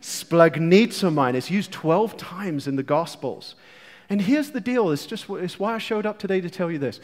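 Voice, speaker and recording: An English man preaching a sermon with passion, moving between hushed lines and loud outbursts, with playful asides to the congregation. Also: high voice, expressive, moderate pace, big-room sound. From England.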